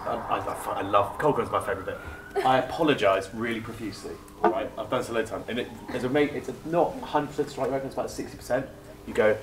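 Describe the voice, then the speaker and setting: Man, workshop attendee, rapid animated storytelling, roomy far-off sound, faint hiss. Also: mid-range voice. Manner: animated storyteller, acts out the other side of the call. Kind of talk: casual anecdote. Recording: roomy, distant mic with background hiss.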